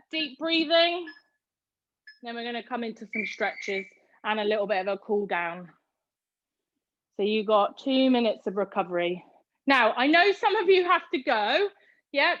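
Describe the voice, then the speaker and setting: A woman's voice: high-pitched, fairly bright tone, highs cut off. A British woman leading a live online workout class, calling out reps and counting down as she cheers her students on. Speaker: fitness instructor.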